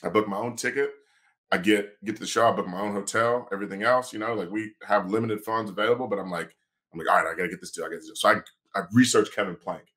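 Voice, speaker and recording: Talking fast in a lowish voice, this man, a lawyer and sports agent, spins an animated, casual podcast story. He performs the quoted lines as he goes.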